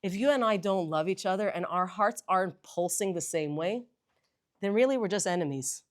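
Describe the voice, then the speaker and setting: A woman teaching a lively class, animated and emphatic, moving between languages in a synagogue hall. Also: fairly low pitch, a little fast.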